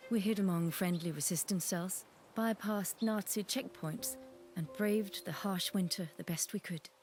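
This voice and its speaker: Actress as a steady female resistance leader, measured, sober, game narration. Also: mid-range voice, faint music behind, lightly acted. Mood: grim.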